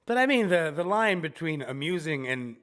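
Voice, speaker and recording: A man co-hosting a podcast in casual chat, telling animated, joking stories while recovering from chemotherapy. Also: fairly high pitch, moderate pace. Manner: animated storytelling, jokey. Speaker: podcast co-host.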